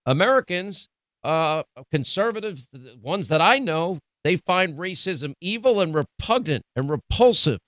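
A man's voice: on the high side, animated, a little slow, a bit bright, dry recording. A middle-aged man hosting a political talk show, emphatic, indignant and sarcastic. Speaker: radio talk show host. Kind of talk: political commentary.

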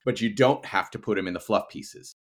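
A man's voice: fairly low pitch, brisk. A young adult man co-hosting a podcast in casual chat, rambling with frequent restarts and casual swearing. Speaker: podcast co-host.

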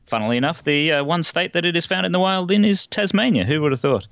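A man's voice: on the high side, animated, fast, fairly bright tone, no room sound, highs cut off. An Australian man hosting a podcast trivia game with dry, wry asides. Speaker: quiz host. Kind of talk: casual podcast quiz hosting.

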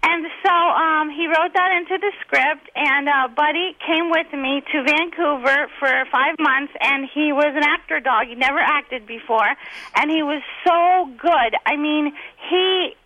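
A woman's voice: high voice, measured pace, sharp tone, no room sound, rough recording. A middle-aged woman, a comedian guest, telling rambling, giggly anecdotes in casual chat.

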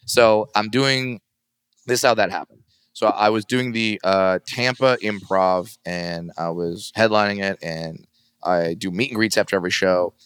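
A low, smooth and resonant man's voice, a stand-up comedian chatting and telling stories. He leaps into high squeaky voices when he quotes people. The sound is close and dry. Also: normal speed, no echo. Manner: animated, acts out quoted voices in a high pitch. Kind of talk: casual storytelling interview.

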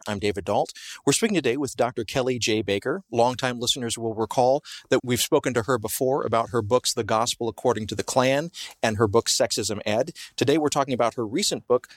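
A middle-aged man hosting a radio interview, speaking in measured, earnest, thoughtful questions into a studio microphone. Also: medium pitch, dry recording.

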